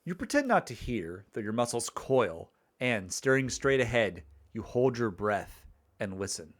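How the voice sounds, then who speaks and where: Streamer: a playful man reading his game's narration, very animated pitch. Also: unhurried. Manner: playful, rambling with restarts. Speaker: streamer and game author. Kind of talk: reading game narration and casual chat.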